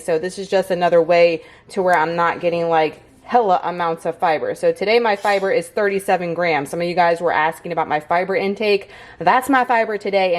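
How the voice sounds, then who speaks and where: Chatty Southern woman vlogging her meals. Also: mid-range voice. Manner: chatty, addresses viewers as y'all. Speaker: fitness and food vlogger. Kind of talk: casual vlog narration.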